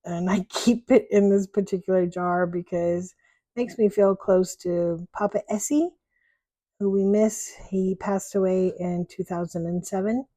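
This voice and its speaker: Warm-voiced American woman chatting while cooking. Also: mid-range voice, steady tone, a little slow, dry recording. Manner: chatty, friendly and a bit self-deprecating. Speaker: home cook. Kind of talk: casual cooking vlog. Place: home kitchen.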